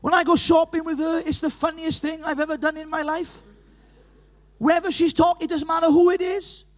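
High-voiced Welsh man preaching in a hall. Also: a little fast. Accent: Welsh, from Llanelli. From Wales. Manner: animated, storytelling with laughs, rising to urgent calls. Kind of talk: lively evangelistic sermon. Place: church hall. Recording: reverberant hall.

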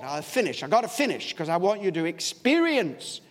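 A man's voice: high voice, very animated, moderate pace, hardly any pauses. A man preaching a sermon in a church, emphatic and storytelling, with wide swings in his voice. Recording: long hall reverb, faint background noise.

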